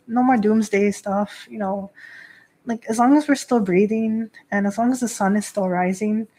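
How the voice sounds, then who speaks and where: A woman's voice: mid-range voice, a little mellow. A woman in her thirties hosting a casual livestream talk as a priestess. She answers chat in a chatty, filler-heavy way and laughs often. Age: 30s. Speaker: host and Shinto priestess.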